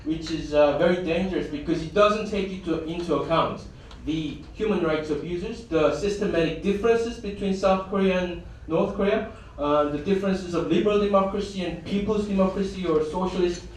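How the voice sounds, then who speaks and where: A man's voice: high voice, moderate pace, recorded from a distance, slight background noise. A man giving a symposium presentation in a conference hall, hesitant, with many fillers and restarts. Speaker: conference speaker.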